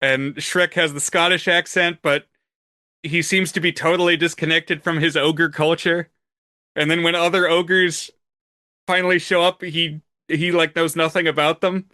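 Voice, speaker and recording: A man co-hosting a film podcast, with a slightly higher, bright and crisp voice recorded close and dry. He explains things in a measured, orderly way, like someone laying out background from a book. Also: little pitch movement, dry recording. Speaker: podcast co-host. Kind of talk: casual chat.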